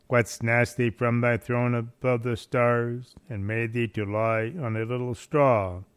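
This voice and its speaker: A man reading a devotional text aloud in a measured, solemn manner. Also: mid-range voice, flat delivery, smooth. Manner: measured, solemn delivery with archaic phrasing.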